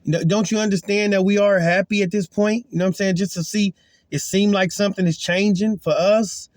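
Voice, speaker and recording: A man's voice: sits high, fairly even intonation, fairly quick, no room sound, clean studio sound. A man giving an earnest, emphatic spoken testimony as a Christian, retelling a confrontation in casual talk.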